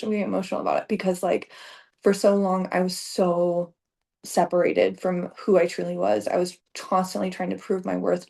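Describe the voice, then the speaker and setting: A woman's voice: on the low side, vocal fry, dark tone. A woman in her thirties, a business coach, talking casually to camera with lots of fillers and heartfelt gushing. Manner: chatty, filler-heavy, emotional and gushing. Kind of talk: casual direct-to-camera talk.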